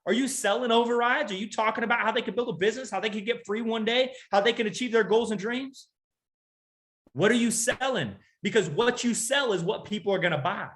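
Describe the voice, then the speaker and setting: A man with a notably high voice delivers a motivational sales talk to a crowd. He fires off rhetorical questions, repeats his key lines for emphasis and pulls the audience into call-and-response. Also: fairly quick, a bit bright. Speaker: sales trainer.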